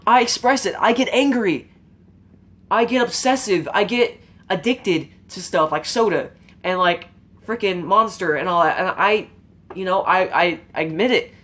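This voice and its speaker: Here a woman shares her views with viewers as a YouTube commentator, earnest and emotional, rambling informally with lots of fillers and a bit of swearing. She speaks a little slowly in a medium-pitched, somewhat bright voice with lively intonation.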